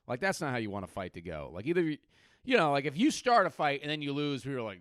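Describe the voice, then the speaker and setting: A man's voice: medium pitch, big pitch swings, fast talker, no echo, clean studio sound. A man in his late thirties, a comedian and podcast host, telling crude, rambling stories with sudden outbursts. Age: late 30s.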